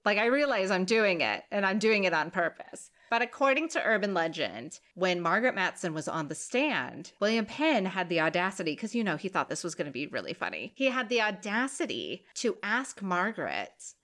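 A woman's voice: mid-range voice, very animated, moderate pace, few pauses, a bit bright. Profane, joking woman host. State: sick with covid. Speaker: podcast co-host. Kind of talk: casual storytelling chat.

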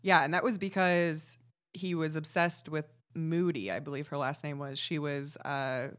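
A woman's voice: low voice, fairly even intonation, moderate pace. A woman co-hosting a true-crime chat, reading old articles aloud with dry, sarcastic asides. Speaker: podcast co-host.

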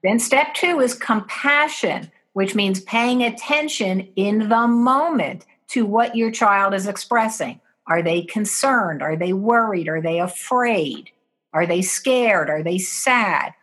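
This interview guest is a woman whose mid-range voice is animated and a bit bright, and she takes her time. She sincerely explains steps in parenting and performs both the parents' and the children's words.

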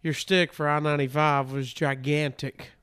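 A man's voice: fairly high pitch, flat delivery, normal speed, a bit bright, smooth. A man, a radio host in casual chat, tossing in playful quips. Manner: playful interjections, mock British quips.

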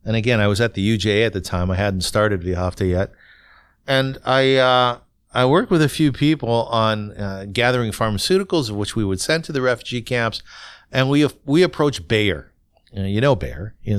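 A man's voice: fairly low pitch, fairly quick, clear, resonant tone, dry recording, studio quality. A middle-aged man hosting a solo podcast, telling his own stories in a conversational, blunt way with many fillers and restarts.

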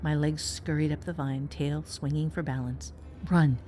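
A woman reading a short story aloud in first person, tense with hushed passages. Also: deep voice, flat delivery, normal speed. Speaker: narrator. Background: faint background music.

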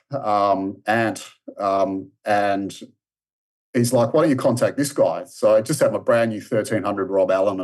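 A man's voice: lowish voice, a little mellow. An Australian man in his thirties, a guest telling a long story in a casual interview, full of restarts and fillers. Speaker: podcast guest, strength and conditioning coach.

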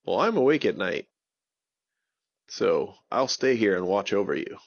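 A man's voice: fairly low pitch, sing-song, unhurried, gravelly, no room sound, lo-fi sound, heavily acted. A man voicing a giant, friendly male owl who speaks politely and earnestly.

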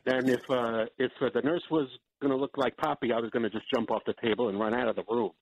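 A man calling in to a radio show, telling a story slowly and drily. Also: mid-range voice, steady tone, creaky, no room sound, poor audio. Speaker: caller. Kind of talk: phone-in call to a radio show.

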